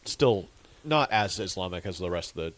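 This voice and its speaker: A man with a low voice that swings widely in pitch as he chats on a podcast. He tells stories with lively acted-out quotes and curses casually. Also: normal speed. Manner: animated storyteller who acts out quotes; swears freely. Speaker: podcast co-host. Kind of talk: casual chat.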